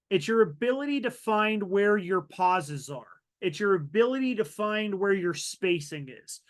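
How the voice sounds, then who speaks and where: A man with a high, bright-sounding voice leads a virtual training session. He talks in a lively way, dropping to a softer register and slowing down whenever he wants a point to land. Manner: animated, varies loudness and pace for emphasis. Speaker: webinar presenter.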